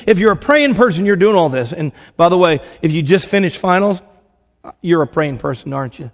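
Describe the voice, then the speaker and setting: A man's voice: sits high, expressive, fairly quick, big-room sound. A man preaching a casual, conversational sermon, asking the congregation questions and acting out little quoted voices. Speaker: pastor.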